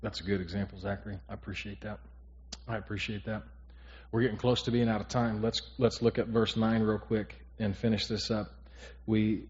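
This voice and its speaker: A man's voice: on the low side, a little mellow, dull audio. A man pastor leading a Bible study in an earnest, sermon-like way, repeating key phrases and checking in with his group. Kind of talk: sermon-style Bible teaching to a small group.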